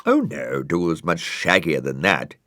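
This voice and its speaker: A man voicing a whiny, excitable male snail with a cheeky, squeaky manner in a storybook reading. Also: dry recording, studio quality, heavily acted. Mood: sulky. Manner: cheeky, squeaky, quick to sulk.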